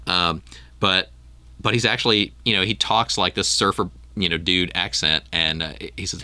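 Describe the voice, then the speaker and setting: A man's voice: low voice, steady tone, normal speed, sharp tone, no room sound. A man hosting a podcast in casual chat, rambling with frequent ums and restarts. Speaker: podcast host.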